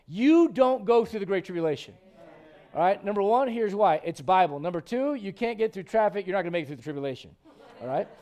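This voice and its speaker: High-voiced preacher firing questions at his flock. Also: fast talker. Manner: lively preaching with rhetorical questions to the congregation. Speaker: pastor. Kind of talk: sermon. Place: church sanctuary.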